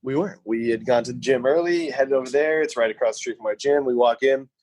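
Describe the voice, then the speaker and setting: A man's voice: medium pitch, fast talker, a little mellow, no room sound, low-quality recording. A man co-hosting a podcast, telling stories in a casual chat, rambling and repeating words as he goes. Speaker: podcast co-host.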